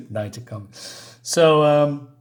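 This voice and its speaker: Halting man retelling a comic. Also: a little high, sing-song. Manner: halting, many fillers and restarts, chuckling asides. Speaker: comic book reviewer. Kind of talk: casual comic review, retelling panels.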